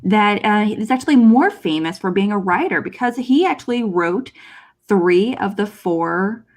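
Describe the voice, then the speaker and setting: A woman's voice: mid-range voice, animated, unhurried, a little mellow. A woman co-hosting a casual movie chat show, chatty and prone to fillers, laughing between thoughts. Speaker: co-host.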